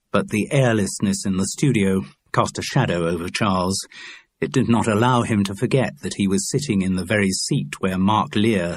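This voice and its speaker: A man narrating an audiobook in a measured, even manner. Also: low voice, husky. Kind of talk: scripted narration.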